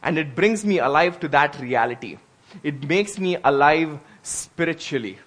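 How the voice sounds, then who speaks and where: A man's voice: a little high, animated, moderate pace, a bit bright. A man preaching a sermon as pastor, earnest and conversational, with emphatic rises.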